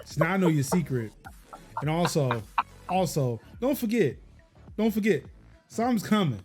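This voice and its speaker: A man's voice: a little high, animated, normal speed, a little mellow, faint music behind. A man co-hosting a casual tech chat, joking and playfully griping at a friend. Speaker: podcast co-host.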